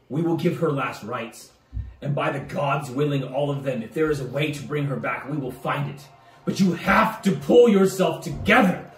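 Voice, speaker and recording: A man voicing a devoted younger brother who pleads urgently and rises to shouts, in a roomy space off the mic. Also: on the high side, distant mic, pitched above the performer's own voice.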